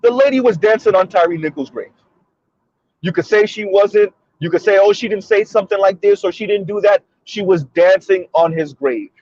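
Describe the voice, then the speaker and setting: A man's voice: high voice, fairly quick, darkish tone, dry recording, lo-fi sound. A man hosting a commentary monologue, pressing his points with repeated rhetorical questions. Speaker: commentary video host.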